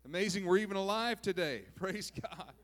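A man's voice: sits high, normal speed, a bit bright. A pastor from southern Minnesota preaching a folksy, joking sermon that he peppers with "praise God" and "amen.".

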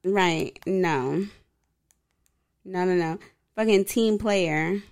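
A woman's voice: fairly low pitch, extremely slow, a little mellow. A woman co-hosting a podcast in casual chat, blunt and profane, laughing often. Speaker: podcast co-host.

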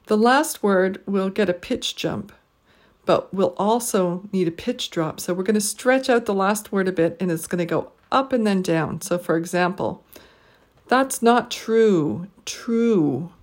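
A woman recording a pronunciation lesson, explaining stress and intonation and reading short model phrases slowly and clearly for learners to repeat. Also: medium pitch. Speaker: pronunciation teacher. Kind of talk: slow, deliberate language lesson recording.

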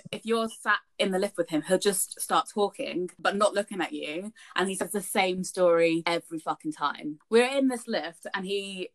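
A young woman, telling a story in casual podcast chat, swearing freely. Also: fairly low pitch. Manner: chatty, frequent swearing, animated retelling. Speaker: podcast co-host.

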